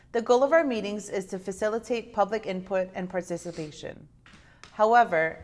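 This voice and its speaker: A woman formally reading out the rules of conduct for a city commission meeting, measured and slowing down for code numbers. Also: mid-range voice. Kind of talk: formal read-aloud announcement.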